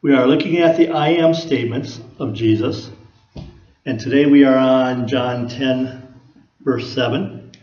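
A pastor preaches in a folksy, conversational style, regularly posing rhetorical questions to his listeners. His medium-pitched voice is steady and unhurried, and the recording sounds dull and lo-fi, with an echoey room.

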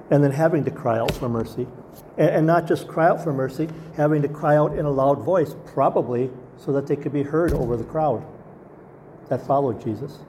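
Earnest male pastor, mellow voice. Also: medium pitch, a little hiss or hum. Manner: earnest, asks the congregation rhetorical questions. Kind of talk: sermon.

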